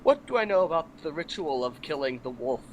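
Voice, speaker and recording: A man's voice: on the high side, big pitch swings, fairly quick, slight background noise, rough recording. A man playing a tabletop game, casual with the game master and formal in character. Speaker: player.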